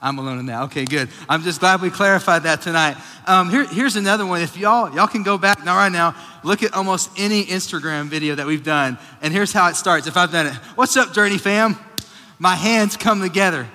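A man's voice: high voice, a little fast, hardly any pauses, pushed and bright. A man in his thirties, a pastor giving a casual, joking, self-deprecating sermon in a church auditorium. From Texas. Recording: long reverb of a large hall.

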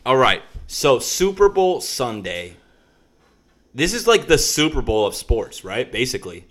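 A man in his late twenties co-hosting a casual sports podcast, joking around with quick swings between mumbling and loud outbursts. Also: medium pitch, very animated. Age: late 20s. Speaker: podcast co-host.

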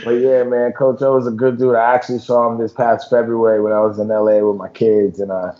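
Relaxed ex-player co-host, casual sports talk, mid pitch, slightly muffled sound. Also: male voice, a little fast. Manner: relaxed, lots of "you know" and "man". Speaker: podcast co-host, former football player.

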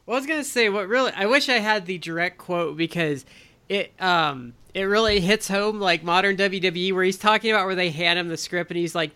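Thoughtful, slightly high-voiced co-host. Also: male voice, a little fast, sharp tone, clean tone. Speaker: podcast co-host. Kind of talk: casual podcast chat.

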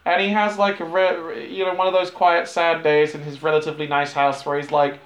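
A man recapping a movie plot in a casual, rambling, profane way, sometimes dropping into quick character voices. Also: a little high, little pitch movement. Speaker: podcast host recapping a film. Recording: echoey room.

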